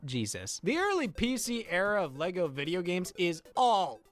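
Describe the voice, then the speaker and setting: A man giving scripted comedic narration with deadpan, sarcastic delivery. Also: high voice, normal speed, soft background music. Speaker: video essayist.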